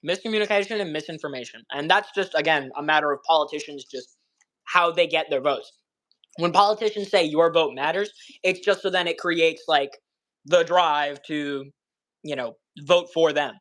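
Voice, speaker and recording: A man's voice: a little high, moderate pace, fairly bright tone, rough recording. A young man guest in a casual debate, blunt and swearing freely as he talks.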